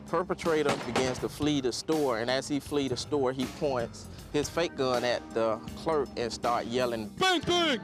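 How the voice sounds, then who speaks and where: A man, a police officer, tells a robbery story in an even, matter-of-fact way, pitched in a middle range. Music plays softly under his words. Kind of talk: interview recollection.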